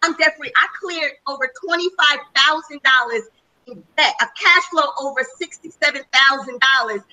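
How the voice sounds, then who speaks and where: A woman's voice: sits high, moderate pace, bright, forceful tone, low-quality recording. A woman speaking as a panel guest on a webinar, telling her personal story with enthusiasm. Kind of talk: testimonial on a webinar call.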